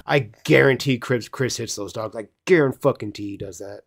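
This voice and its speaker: A man's voice: medium pitch, moderate pace, creaky, hardly any pauses, background noise. A man doing profane, mocking reaction commentary on a live stream. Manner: angry, crude, mocking.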